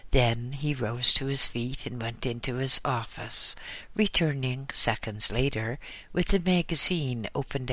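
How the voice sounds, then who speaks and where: A man narrating an audiobook in a measured, even storytelling manner. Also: mid-range voice, dry recording.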